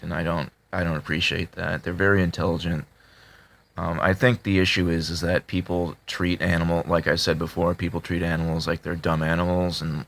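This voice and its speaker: A man talking casually to his subscribers, halting with many fillers and restarts, in a flat tone that can sound annoyed. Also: low-pitched, gravelly. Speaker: video creator talking to subscribers. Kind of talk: casual confessional talk to camera.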